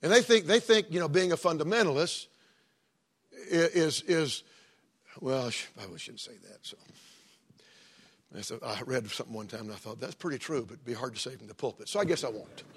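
Middle-aged man, pastor, husky, chatty sermon delivery with asides. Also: medium pitch, expressive, fairly quick, a bit bright. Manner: folksy, conversational preaching with joking asides.

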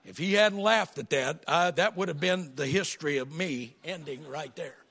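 A man preaching a sermon as pastor, telling folksy stories in an animated, lively way, with a raspy voice. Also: a little high, normal speed.

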